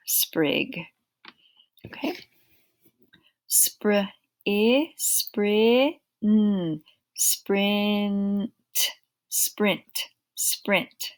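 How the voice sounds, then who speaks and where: Slow, deliberate phonics teacher woman. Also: mid-range voice, creaky. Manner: slow, deliberate, sounding out each blend and repeating words. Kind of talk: phonics lesson for young children.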